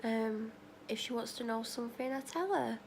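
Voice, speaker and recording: A woman vlogs in a fairly high voice at a moderate pace, with slight background noise. Her chat is casual and rambling, strung with run-on asides as she replays conversations and acts out each person.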